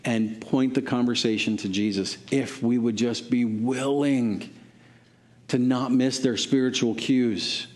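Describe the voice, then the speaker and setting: Male pastor, mid-pitched, unhurried sermon delivery, earnest exhortation with repeated phrases. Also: fairly even intonation, a little mellow.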